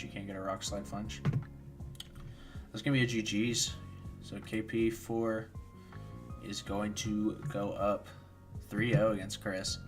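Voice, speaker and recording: A tired young man streaming, rambling casually with lots of fillers while he answers chat and commentates games. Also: lowish voice. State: tired, yawning. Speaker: streamer hosting a watchalong.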